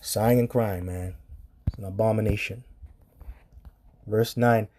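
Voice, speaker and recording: A man's voice: medium pitch, mellow. A man preaching on scripture in a blunt, profane commentary style, reading verses aloud and reacting to them.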